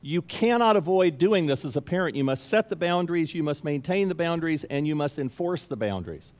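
A man's voice: on the high side, lively intonation, fairly quick. A man preaching a sermon as pastor, speaking emphatically and repeating key phrases for stress. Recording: long reverb of a large hall.

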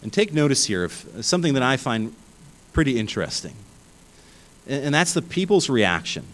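A man preaching a sermon, emphatic and animated, often restarting his phrases. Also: mid-range voice, moderate pace, rough recording. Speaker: pastor.

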